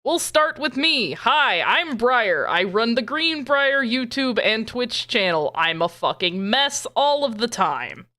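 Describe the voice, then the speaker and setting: A woman game master chatting casually with her players at an unhurried pace. She swears freely and pokes fun at herself. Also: fairly high pitch, sing-song, pushed and bright. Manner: self-deprecating, swears a lot, laughs often. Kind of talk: casual chat opening a tabletop game stream.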